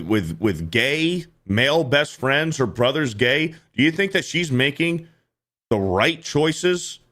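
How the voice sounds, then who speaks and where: A man's voice: a little high, fairly bright tone. A man hosting a reaction commentary show, ranting in a profane, fired-up way.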